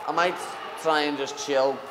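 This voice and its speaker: A man's voice: a little high, fairly even intonation, a little slow, a crowd in the background, noisy background. A young man with a Liverpool accent, a fighter answering questions in a casual interview, cocky and full of banter, calling everyone "lad". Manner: cocky, banter-heavy, says "lad" constantly. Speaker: MMA fighter.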